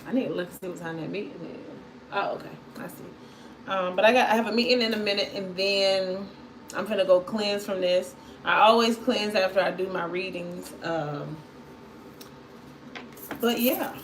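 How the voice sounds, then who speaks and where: A woman, chatting casually with viewers as a tarot reader on a livestream, animated and repetitive. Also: medium pitch, normal speed, a little hiss or hum. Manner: animated storytelling, repeats phrases, talks to viewers.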